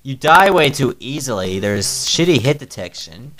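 A man's voice: mid-range voice, big pitch swings, moderate pace, a bit bright, soft background music, rough recording. A man reviewing a video game with crude, sarcastic, mocking commentary. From Newfoundland, Canada.

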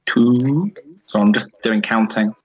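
Man, husky voice, hesitant rambling, board game player, faint music. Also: fairly low pitch, takes it slowly, low-quality recording. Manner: hesitant, rambling, many fillers and restarts. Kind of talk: casual tabletop game chat.

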